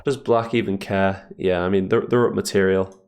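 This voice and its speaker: A man streaming chess and thinking aloud in a casual, hesitant way, with a deep, gravelly morning voice. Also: fairly even intonation, moderate pace, darkish tone, slight background noise. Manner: thinks aloud, hesitant fillers, chuckles often. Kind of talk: casual live commentary on chess games.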